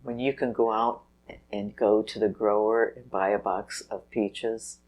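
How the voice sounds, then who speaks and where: A woman's voice: extremely low pitch, fairly even intonation, measured pace, a little mellow. An older woman, a guest on an interview show, telling stories in a chatty way and laughing as she goes. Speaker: guest, festival organizer. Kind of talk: casual interview storytelling.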